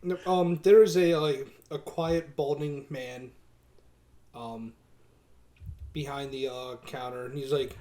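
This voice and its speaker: A man's voice: medium pitch, steady tone, unhurried, warm tone. A man running a tabletop role-playing game as game master, narrating in a hesitant way with many fillers.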